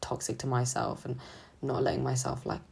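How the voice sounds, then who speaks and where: A young woman student talking haltingly and hesitantly in a confessional vlog, sounding drained and low on energy. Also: very animated, gravelly, darkish tone, breathy edge. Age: young adult. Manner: halting, hesitant, full of restarts. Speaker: student vlogger.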